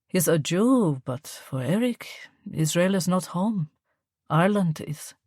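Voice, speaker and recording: A woman's voice: fairly low pitch, animated, a little slow, a little mellow, no room sound, studio quality. A woman voicing a grateful woman who talks earnestly and tenderly about her family.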